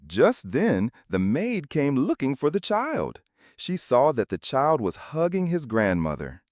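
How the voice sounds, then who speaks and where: A man's voice: medium pitch, wildly swooping pitch, measured pace, a little mellow, no echo, clean studio sound. A man narrating a scripted family drama in a dramatic storytelling manner.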